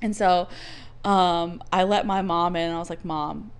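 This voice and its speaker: A woman co-hosting a casual talk show, telling stories in a profane, animated way. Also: lowish voice, moderate pace, smooth. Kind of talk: casual chat, storytelling.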